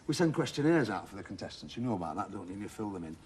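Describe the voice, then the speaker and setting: A man's voice: fairly low pitch, very animated, racing, darkish tone, a little hiss or hum. A middle-aged man hosting a TV game show in a studio, jovial and teasing, chatting with contestants. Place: TV studio with audience.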